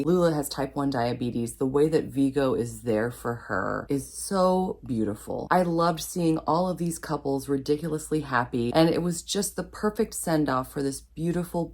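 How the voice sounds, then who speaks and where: A middle-aged woman giving a casual, gushing book review, animated and laughing often. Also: sits low.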